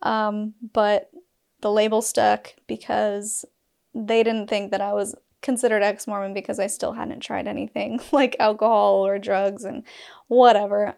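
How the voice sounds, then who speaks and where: A woman's voice: mid-range voice, creaky, a little mellow. A woman from Utah telling a personal story in a candid vlog, breaking off with laughs and asides. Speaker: storyteller sharing a personal experience.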